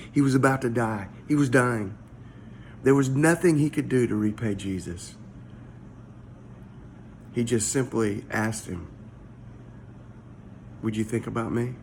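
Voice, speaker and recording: A man's voice: medium pitch, animated, moderate pace, a little mellow, slight background noise. A man, a pastor, giving a casual morning devotional in a conversational, searching way, often repeating his words. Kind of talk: short devotional talk.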